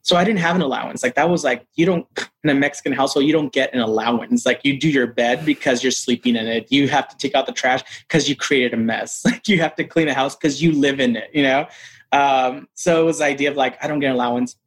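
A man, an actor being interviewed, telling a personal story in a lively, casual way. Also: medium pitch, quick pace, low-quality recording. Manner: animated, acts out quoted voices. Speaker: actor guest.

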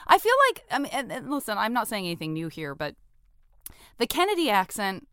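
A woman's voice: medium pitch, big pitch swings, a little fast, fairly bright tone, clear, resonant tone, no room sound, studio quality. A woman hosting a podcast, talking in a rambling, casual way and laughing often. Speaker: podcast host. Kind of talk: casual chat.

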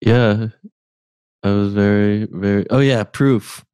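A man co-hosting a comedy podcast over a call, talking slowly in a dry, low-key manner. His voice sounds smooth and mellow. The sound is dry and close. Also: dry recording. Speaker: podcast co-host. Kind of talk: casual comedic chat, reading listener messages. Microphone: remote call microphone.

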